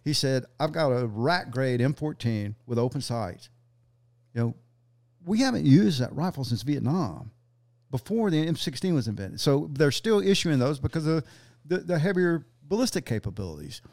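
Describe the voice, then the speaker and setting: A man's voice: a little high, sing-song, normal speed, darkish tone. A man telling earnest war stories on a casual podcast, swearing freely. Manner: earnest, swears freely, acts out quoted dialogue. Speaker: sniper instructor guest.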